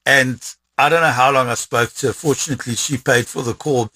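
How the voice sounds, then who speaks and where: A middle-aged man with a South African accent, recounting a story in an interview with lively repetition. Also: medium pitch, fairly quick. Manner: animated storyteller, repeats words when excited.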